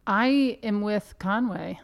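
A woman co-hosts a podcast in relaxed conversation, arguing her theories with a teasing, playful streak. Her voice is smooth and clear, sitting in a middle pitch. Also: takes it slowly. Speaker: podcast co-host. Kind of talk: casual chat.

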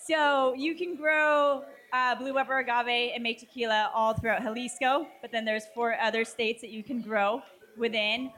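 A woman's voice: fairly high pitch, flat delivery, normal speed, a bit bright. A woman guest, a brand representative, talking in a chatty, upbeat way at a tasting event, with lots of casual fillers.

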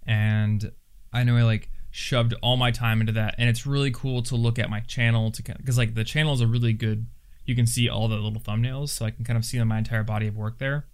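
A young man hosting a casual podcast, chatty and quick to laugh, with lots of fillers. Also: medium pitch, flat delivery, clear, resonant tone. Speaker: podcast host and YouTuber.

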